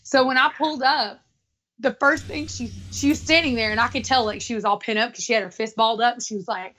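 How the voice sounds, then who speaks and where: A woman hosts a casual live-stream chat in a high, bright voice. She tells stories in a lively way and acts out quotes. A faint hiss sits under her voice. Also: fast talker, poor audio. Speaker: host.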